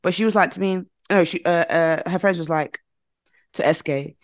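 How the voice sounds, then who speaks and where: A woman's voice: lowish voice, normal speed. A British woman chatting casually on a podcast, telling stories animatedly and acting out what others said. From Britain. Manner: animated storytelling with quoted voices. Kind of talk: casual chat.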